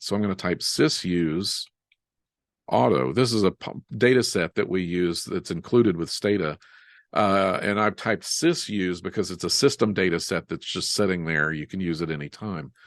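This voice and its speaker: Low-voiced man teaching software on a webinar. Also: normal speed, no room sound. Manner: relaxed, self-deprecating, walks through steps while typing. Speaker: software instructor. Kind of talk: live webinar software demo.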